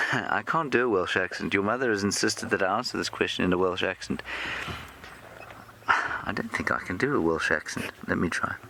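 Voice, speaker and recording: Deep-voiced male safari guide. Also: normal speed, vocal fry, pauses often, sharp tone, a little hiss or hum. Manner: dry, self-deprecating humor. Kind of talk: live game drive commentary. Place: outdoors in the bush.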